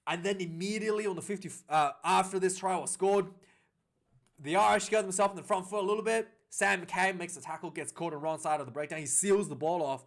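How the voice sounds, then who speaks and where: Excitable high-voiced man recapping rugby. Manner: excitable, rambling with many fillers and restarts. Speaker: rugby reviewer. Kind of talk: casual match recap commentary.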